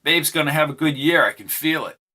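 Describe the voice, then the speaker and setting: A man's voice: on the high side, a little fast, pushed and bright. A man reading an audiobook, voicing a forward, curious young baseball fan from the 1920s. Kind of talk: audiobook character voice.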